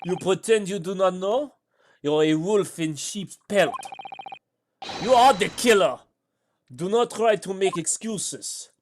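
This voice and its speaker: Man putting on gruff Russian officer, loud and clipped, fairly high-pitched. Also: animated, takes it slowly, noisy background. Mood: accusing. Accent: put-on Russian. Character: gruff menacing male Russian ship officer. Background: game music.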